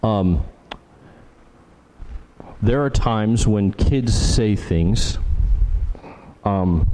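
A man's voice: fairly low pitch, dark tone, slight background noise, poor audio. A man preaching a sermon in a conversational way, with frequent fillers and asides checking that his listeners follow. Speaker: pastor.

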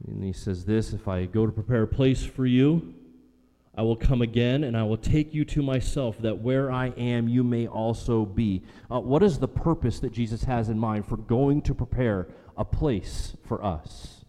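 A man's voice: medium pitch, mellow. Earnest preacher man in a reverberant hall. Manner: earnest preaching, repeats phrases for emphasis, slows on key lines. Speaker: pastor. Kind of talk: sermon.

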